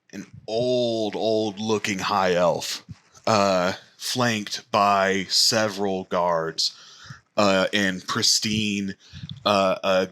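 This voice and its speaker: A man narrating as game master of a tabletop game, speaking haltingly with many fillers. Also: deep voice, pushed and bright.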